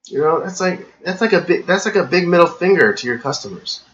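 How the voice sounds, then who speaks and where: Male podcast host, rambling filler-heavy rant, bright forceful voice, slightly dull lo-fi audio. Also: high voice, expressive, brisk, slight background noise. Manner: gets worked up and ranting. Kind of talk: casual live-stream monologue.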